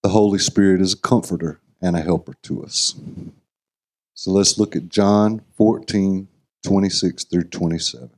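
A man teaching as a guest preacher, earnest and measured, laying out his points in slow, deliberate phrases. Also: deep voice, steady tone, a little mellow. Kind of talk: sermon teaching.

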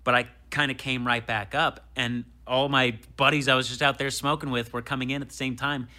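A comedian guest in his thirties tells a story during a casual chat, speaking fairly quickly at a medium pitch. He's animated, swearing as he acts out what people said.

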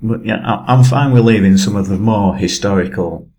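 A man's voice: lowish voice, normal speed, warm tone. A man in casual chat, explaining space topics with many fillers.

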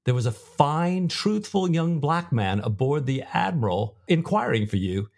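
A man voicing Stephen, a calm gentleman breaking strange news softly, in a measured way while reading a novel aloud. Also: a little high, creaky, full character voice. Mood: confiding.

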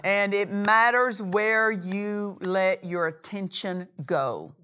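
Woman preacher, mid pitch, emphatic sermon delivery. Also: a bit bright. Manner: emphatic, repeats key phrases, slows on scripture.

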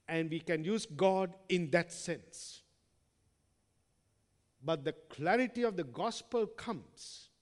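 A man preaching with a fairly high voice, reading scripture and putting questions to the listeners. He swings from forceful emphasis to hushed, trailing words. His voice rings out with a long reverb, as in a large hall. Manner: addresses listeners as friends, asks rhetorical questions.

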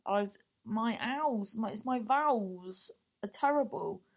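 A woman's voice: mid-range voice, expressive, moderate pace, creaky, a little mellow. A young adult woman comedian telling stories in a casual, rambling way, full of asides and swearing. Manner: rambling, chatty, swears freely, lots of fillers and asides. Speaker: stand-up comedian. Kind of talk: casual storytelling chat.

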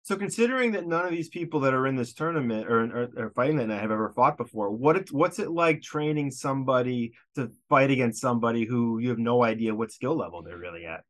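Fast-talking man hosting a podcast. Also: mid-range voice, expressive, a bit bright. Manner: curious, quick questions. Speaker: podcast host. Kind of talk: casual interview chat.

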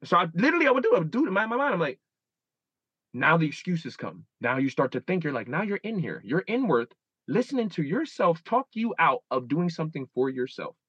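A man's voice: a little high, very animated, a little fast, fairly bright tone, breathy edge, no room sound, dull audio. A man in his thirties, a guest in a casual interview, telling stories animatedly and acting out his own inner dialogue. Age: 30s.

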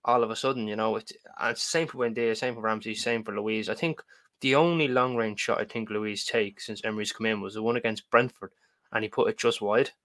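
A man's voice: on the low side, fairly even intonation, brisk, fairly bright tone. A man co-hosting a football podcast, chatting casually with stammered starts. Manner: chatty, stammering starts, acts out fan reactions. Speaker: podcast co-host.

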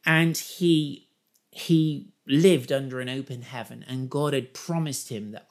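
A preacher giving a sermon and reading scripture, chatty with humorous asides and building to excited emphasis. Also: male voice, mid-range voice, slow pace. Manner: enthusiastic, rising to excited emphasis.

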